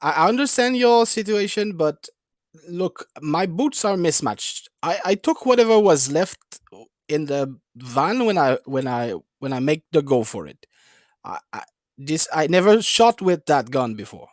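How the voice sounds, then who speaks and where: A man's voice: a little high, very animated, a little slow, dry recording, clean studio sound. A man voicing a nervous male Red Cross worker with a Swedish accent, stammering as he pleads. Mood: earnest.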